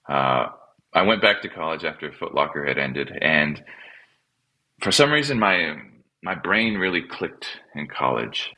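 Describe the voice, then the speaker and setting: A man, a pastor and podcast guest, telling his personal story in a halting, reflective way and often repeating words as he restarts. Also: a bass voice, creaky, lo-fi sound. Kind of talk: personal testimony in conversation.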